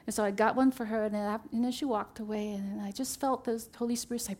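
A woman's voice: a little high, steady tone, fast, a little mellow. A middle-aged woman giving an earnest personal testimony at church, telling her story and acting out the dialogue along the way. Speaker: church member sharing a testimony.

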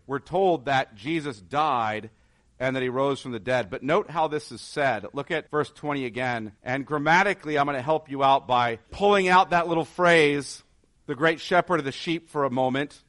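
The sermon comes from a sincere male pastor who leans on rhetorical questions, his voice dropping soft and low at times and rising with emphasis at others.

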